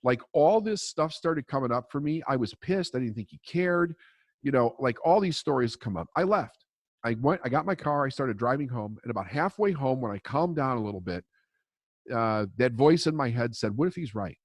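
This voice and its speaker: A man's voice: mid-range voice, expressive, normal speed, no room sound. A man coaching on mindset in a podcast interview, telling a story in a blunt, emphatic way and swearing freely.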